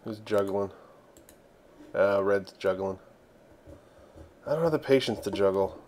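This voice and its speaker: A young man casually commentating his own strategy game while he plays, excitable and talking to himself. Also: fairly low pitch, a little slow. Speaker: gaming channel host.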